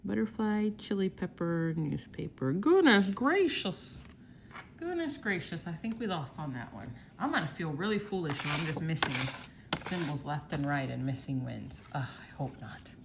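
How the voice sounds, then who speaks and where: A woman hosting a casual vlog, reading out scratch-off symbols slowly one by one. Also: sits low, expressive, gravelly, very noisy. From Texas. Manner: slow, reads out symbols one by one while scratching. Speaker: lottery scratch-off vlogger.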